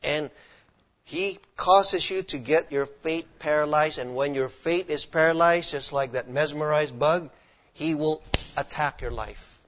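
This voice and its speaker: Pastor guy preaching hard, keeps asking the crowd questions, kinda high voice, muffled recording. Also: measured pace, a bit bright. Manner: emphatic, quizzes the congregation with questions. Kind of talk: sermon. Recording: dull lo-fi recording.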